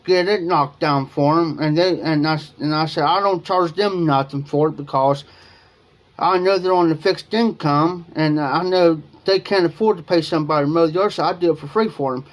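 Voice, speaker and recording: Man, livestream host, rambling storyteller, slightly high voice, keeps repeating himself. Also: normal speed. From Ohio. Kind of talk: casual storytelling to viewers.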